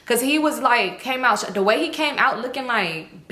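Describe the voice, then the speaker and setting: Brief: young woman vlogger, bright tone, animated and slangy storytelling, echoey room. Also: normal speed. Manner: animated, acts out quotes with big pitch jumps; profane, slangy. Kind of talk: casual storytelling.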